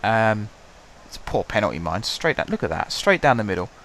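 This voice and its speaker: A young man with a hoarse voice, chatting casually and calling the action play by play as he commentates his own football management game at home. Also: lowish voice, very animated, fairly quick, fairly bright tone, slight background noise. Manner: chatty, wry, calls the match play by play. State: hoarse from shouting. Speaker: gaming channel host.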